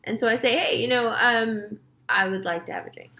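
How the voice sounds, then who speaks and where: A woman's voice: a little high, brisk, fairly bright tone. A young woman, a tarot reader, chatting to her viewers in a casual monologue and acting out the voices in her story.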